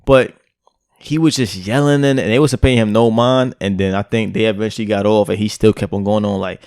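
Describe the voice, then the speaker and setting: A man's voice: on the low side, steady tone, a little fast, a little mellow, smooth, dry recording, clean studio sound. A man from Brooklyn, co-hosting a podcast and telling a rambling street anecdote in a loose, casual way, full of "like" and "right?". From Brooklyn, New York. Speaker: podcast co-host. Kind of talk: casual storytelling chat.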